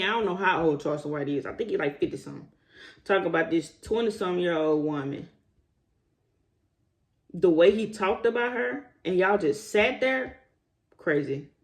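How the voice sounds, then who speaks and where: Animated man ranting straight to viewers. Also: sits high, normal speed, pauses often. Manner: animated, rising to indignant emphasis; talks straight to viewers as y'all. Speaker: commentary vlogger. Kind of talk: casual opinion vlog.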